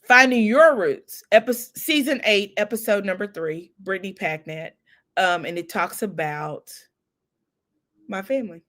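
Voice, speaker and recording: A middle-aged woman hosting a casual livestream chat, telling family stories in a warm chatty way, close to tears. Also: mid-range voice, measured pace. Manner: chatty storytelling with laughs and Southern "y'all". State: near tears. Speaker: livestream host. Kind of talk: casual chat with live viewers.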